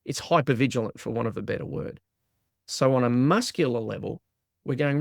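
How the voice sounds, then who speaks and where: A man talks through ideas with animated energy, often slipping into quoted inner voices. His voice carries a gravelly edge, recorded dry and close with no room sound. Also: medium pitch, fairly quick, no room sound. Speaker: guest, trauma release exercise practitioner. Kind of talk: explanatory interview talk.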